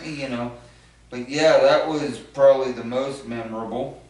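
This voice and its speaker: A man's voice: medium pitch, fairly even intonation, measured pace. A man from Ohio telling a rambling anecdote in a casual chat, acting out what other people said. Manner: rambling anecdotes with acted-out quotes. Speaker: show regular answering questions. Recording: very echoey, from far off the mic.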